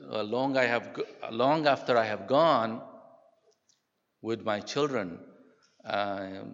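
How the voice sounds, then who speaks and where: An older pastor preaches in an earnest, halting way with a fairly low voice. He speaks in a church sanctuary, and the sound is dull and lo-fi with a long reverb trailing off the hall. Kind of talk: sermon.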